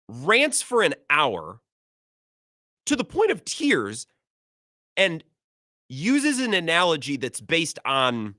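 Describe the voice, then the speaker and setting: A sports radio host man, ranting with sarcasm. His pitch swings widely as he talks. The voice is bright, and the close studio mic is very dry. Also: no echo. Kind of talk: opinionated sports talk radio.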